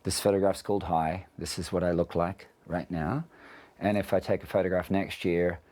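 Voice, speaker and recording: A man's voice: sits low, steady tone, moderate pace, a little mellow. An Australian man in a casual interview, talking reflectively and explaining his ideas through extended analogies. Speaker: interviewed musician.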